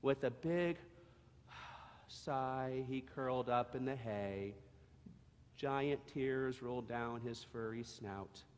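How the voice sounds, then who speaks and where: A man reading a storybook aloud to children in church, expressive and gentle, then leading a prayer. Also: mid-range voice, slow pace, smooth. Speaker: church leader giving children's message. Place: church sanctuary. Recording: long echo of a church sanctuary.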